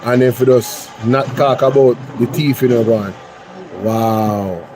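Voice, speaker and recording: A man's voice: mid-range voice, steady tone, normal speed. A Jamaican man hosting a reaction show, switching between patois and English with blunt, incredulous remarks. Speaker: host. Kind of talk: reaction commentary.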